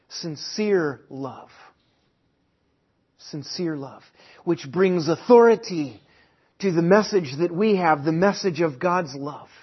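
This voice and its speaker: A man preaching a sermon at a church service. He repeats key phrases and swings between quiet and loud delivery. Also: a little high, husky. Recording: dull lo-fi sermon recording.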